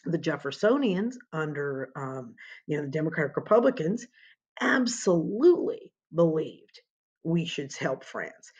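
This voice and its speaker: Gravelly woman giving a history lecture. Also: sits low, very animated, measured pace, darkish tone, muffled recording. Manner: conversational, asks rhetorical questions. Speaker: history teacher. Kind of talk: informal classroom lecture.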